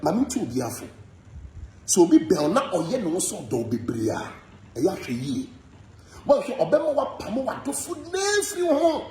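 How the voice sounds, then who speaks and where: A Ghanaian man talks fast and hot in an animated, repetitive rant about gossip. His voice sits high and leaps up and down from phrase to phrase. The room gives it a clear echo. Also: slight background noise. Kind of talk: heated gossip monologue.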